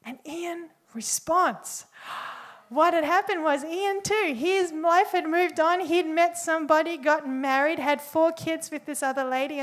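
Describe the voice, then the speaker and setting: Woman, young, sermon storytelling, high pitch, acts out the dialogue. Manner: animated storyteller acting out quoted dialogue. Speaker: preacher.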